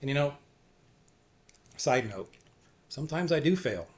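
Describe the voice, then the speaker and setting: A man giving an earnest, self-encouraging faith talk, repeating short phrases and often trailing off softly. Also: mid-range voice, animated, normal speed, long pauses. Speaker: faith vlogger. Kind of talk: personal faith talk to camera.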